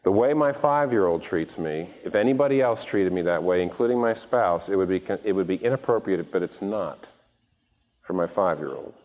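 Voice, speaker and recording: The sermon comes from a male pastor whose voice sits low and moves at normal speed, yet swings animatedly across a wide range. Restarting often with a repeated word, he voices the people he quotes, and the recording sounds muffled and dull with long hall reverb.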